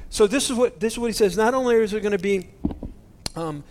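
A man preaching a sermon, animated and emotional, swinging between loud exclamations and hushed near-whispers. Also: high voice, a little fast. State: choked up with emotion. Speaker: pastor.

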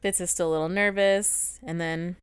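A woman's voice: lowish voice, steady tone, normal speed, clear, resonant tone, no room sound, clean studio sound. A woman co-hosting a podcast, chatting casually and giggling often as she recaps a TV episode. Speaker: podcast co-host.

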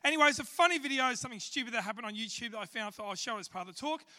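An Australian man delivers a casual, self-deprecating sermon in a church. His voice sits very high and sounds bright and sharp. A long reverb from the church hall trails after his words. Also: lively intonation, racing. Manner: chatty, self-deprecating, with fillers. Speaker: church speaker. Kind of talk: sermon with humorous storytelling. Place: church service.

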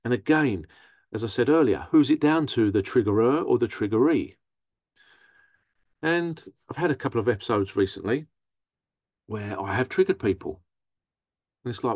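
Male therapist, animated solo talk, close and dry, a bit muffled. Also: mid-range voice, moderate pace, pauses often, dry recording. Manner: animated, mimics others in raised voice. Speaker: therapist and podcast host. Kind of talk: casual monologue.

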